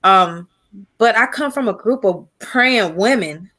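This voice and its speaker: A woman guest on a casual livestream talk show, an animated storyteller. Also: mid-range voice, takes it slowly. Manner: animated storyteller, mimics family voices. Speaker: guest YouTuber.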